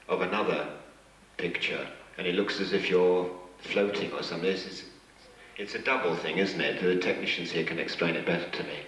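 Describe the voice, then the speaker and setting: A man with a low voice, heard from across an echoey hotel function room as he answers questions. He tells rambling, self-mocking stories and chuckles at his own jokes. The sound is distant, with heavy reverb from the hall. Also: fairly bright tone. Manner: rambling, joking anecdotes with chuckles. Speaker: guest actor at a fan convention. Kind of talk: convention Q&A storytelling.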